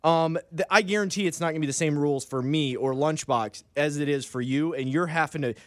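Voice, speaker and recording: Man, radio co-host, bantering, studio mic, slightly high voice, dry sound. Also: fairly quick, no echo. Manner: animated, rambling, laughs mid-sentence.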